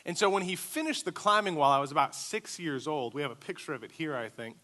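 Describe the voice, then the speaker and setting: A young male pastor delivers a sermon built around a childhood story. His voice is fairly high and bright, and he slips into the voices of the people he is describing as he goes. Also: lively intonation, fast.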